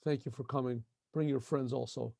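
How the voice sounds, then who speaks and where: A middle-aged man, a rabbi teaching a casual daily lesson, who often clears his throat and corrects himself as he goes. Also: mid-range voice, steady tone, fairly quick, mellow, dry recording, studio quality. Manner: frequent throat-clearing, self-correcting and meandering.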